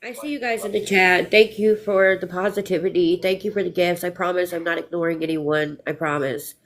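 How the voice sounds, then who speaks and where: Brief: woman streamer, gravelly lowish voice, teary but defiant. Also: steady tone, a little fast. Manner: emotional, fighting back tears, defiant. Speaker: livestream host. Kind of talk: emotional live chat.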